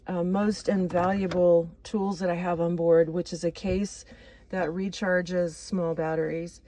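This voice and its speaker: A woman's voice: on the low side, darkish tone, low-quality recording. A woman chatting casually as she cooks in a motorhome kitchen, rambling and laughing at her own slips. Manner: chatty, rambling, self-deprecating. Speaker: vlogger. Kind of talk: casual cooking vlog.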